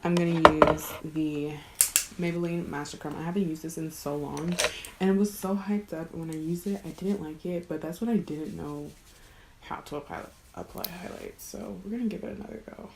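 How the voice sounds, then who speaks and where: Excitable young Texan woman beauty vlogger. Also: deep voice, normal speed, echoey room, slight background noise. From Houston, Texas. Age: young adult. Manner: excitable, exclamatory, often drops to a whisper. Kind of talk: casual makeup tutorial chat. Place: bedroom at home, at night.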